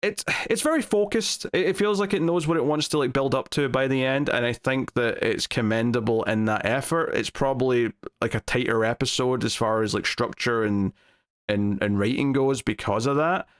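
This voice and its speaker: A man's voice: medium pitch, moderate pace. A man giving a casual spoken review of a TV episode. He rambles, with many fillers and restarts.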